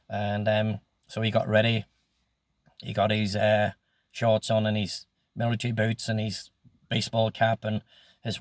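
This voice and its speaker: A man's voice: fairly low pitch, dry recording. A man in his sixties telling his life story in a casual, rambling way, swearing freely with many ums. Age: 60s.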